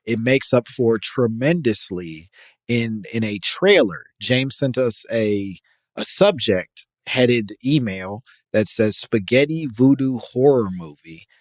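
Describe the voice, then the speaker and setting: A man's voice: mid-range voice, expressive, takes it slowly, no echo. A man co-hosting a podcast, reading a listener email and joking profanely, laughing often. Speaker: podcast co-host. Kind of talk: casual podcast banter.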